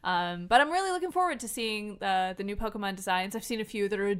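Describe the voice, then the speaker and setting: A woman co-hosting a podcast, chatting quickly about video games and laughing often. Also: medium pitch, clear, resonant tone. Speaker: podcast co-host.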